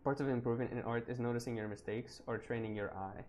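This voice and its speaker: A young man livestreaming as he draws, chatting casually with his viewers, reading the chat aloud, thinking out loud about his work and laughing often. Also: medium pitch, steady tone, fast talker. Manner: reads and answers live chat. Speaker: artist streaming while drawing. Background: faint background music.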